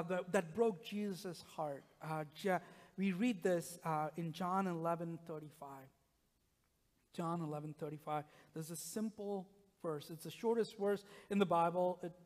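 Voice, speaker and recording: A pastor preaching a conversational sermon to his congregation, often dropping to a hushed near-whisper. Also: high-pitched. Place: church sanctuary. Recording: long reverb of a church sanctuary.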